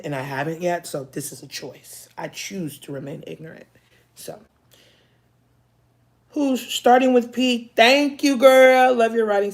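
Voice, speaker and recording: An American woman hosting a casual live stream, chatting frankly and joking as she reads viewers' comments aloud. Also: lowish voice. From United States. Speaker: livestream host.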